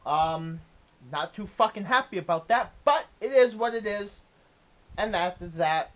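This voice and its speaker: A man's voice: high-pitched, lively intonation, unhurried, a bit bright. Profane ranting young male gamer. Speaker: let's play gamer. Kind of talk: casual game commentary.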